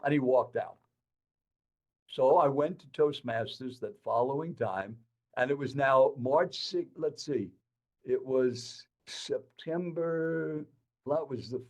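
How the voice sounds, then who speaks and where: A man in his eighties telling his life story to an interviewer in an animated, dramatic way. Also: medium pitch. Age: 80s. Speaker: guest speaker.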